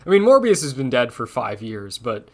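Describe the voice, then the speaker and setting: A man's voice: mid-range voice, moderate pace. Joking man on a casual podcast. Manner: animated, joking, does silly voices. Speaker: podcast co-host. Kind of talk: casual chat.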